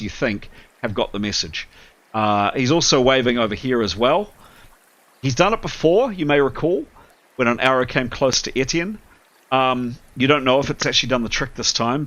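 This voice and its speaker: A man narrates a tabletop role-playing session as game master, hesitating often and filling pauses. His voice is bright and forceful, and the recording sounds a little dull and lo-fi. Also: medium pitch. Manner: apologetic, hesitant with many fillers.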